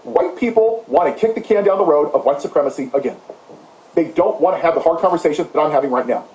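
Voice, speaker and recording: A man's voice: a little high, expressive, quick pace, a little mellow. Sarcastic ranting man, echoey room. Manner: sarcastic, mocking, heated. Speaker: political commentator. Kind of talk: impassioned ranting monologue.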